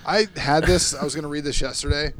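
A man's voice: fairly high pitch, fairly even intonation, fast talker, a bit bright. A man co-hosting a casual comic chat, summarizing a story with many fillers and restarts. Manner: hesitant, filler-heavy. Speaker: podcast co-host.

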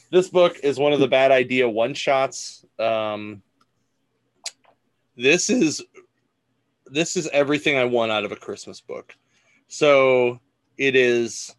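A man co-hosting a comics podcast, casually retelling a story in a relaxed, rambling way. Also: mid-range voice, no echo. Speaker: podcast co-host. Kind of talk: casual chat.

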